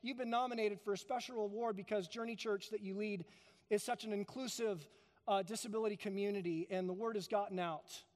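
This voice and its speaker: A pastor preaching a sermon in a church, emphatic, building to loud peaks and then dropping soft. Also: male voice, sits high, steady tone, brisk, long reverb tail. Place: church sanctuary.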